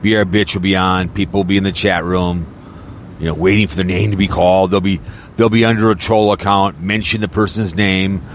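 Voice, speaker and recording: A man's voice: sits low, steady tone, brisk, a little hiss or hum. A man podcaster in a rambling, crude and mocking casual rant, talking from a car. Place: in a car, snowy weather.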